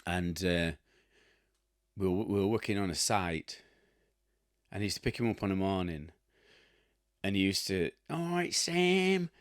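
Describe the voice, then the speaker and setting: Low-voiced, blunt Yorkshireman. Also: steady tone, normal speed, pauses often, no echo, studio quality. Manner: rambling storyteller, chuckling, blunt asides. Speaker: host. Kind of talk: casual chat to camera.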